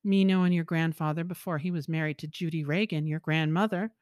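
A woman's voice: deep voice, fairly even intonation, fairly quick, a little mellow, no echo, clean studio sound, lightly acted. A woman voicing an old male merrow, a jovial and sly sea creature, in a folktale reading with coaxing, teasing banter.

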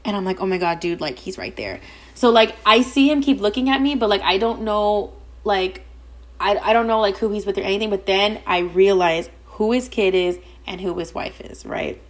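A young woman rattles off a story at full speed on her podcast, swearing freely and dropping "like" into nearly every line. Her pitch sits right in the middle for a woman. The delivery is loose, candid and gossipy. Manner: rapid, profane, gossipy, heavy use of "like". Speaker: podcast host. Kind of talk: casual storytelling.

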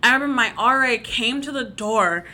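Young woman, 20s, casual co-host, bright slightly high voice, easy laughs. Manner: relaxed, chatty, quick reactions and laughter. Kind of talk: casual chat.

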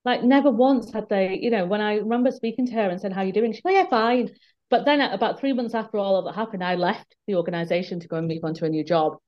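A woman's voice: medium pitch, fast talker, hardly any pauses, highs cut off. A woman telling a personal story in candid conversation, earnest and emphatic, repeating words when moved. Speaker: guest.

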